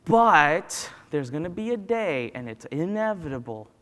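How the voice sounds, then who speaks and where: Higher-voiced man, animated motivational speaker. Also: measured pace. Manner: animated storyteller who acts out dialogue. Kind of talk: motivational talk with personal stories. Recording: long hall reverb.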